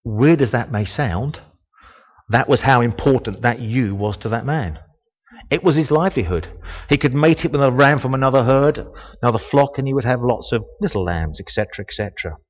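A man giving a sermon, reading a Bible passage slowly and reflecting on it, growing louder on the quoted lines. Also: lively intonation. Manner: slow, reflective, rises in pitch and volume on quoted speech. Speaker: preacher. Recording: dull, long reverb of a church hall.

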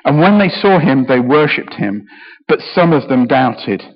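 A man's voice: medium pitch, expressive, unhurried. A middle-aged British man preaching a sermon, emotional and passionate, often repeating words as he goes. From Britain. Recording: echoey hall, dull sound.

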